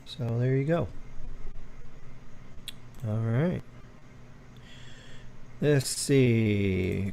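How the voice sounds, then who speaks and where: A man's voice: mid-range voice, drawn-out words, creaky, long pauses, dark tone. A man hosting a livestream, chatting loosely, answering viewer comments and explaining wireless technology in a rambling way. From United States. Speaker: tech livestream host. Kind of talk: casual livestream chat.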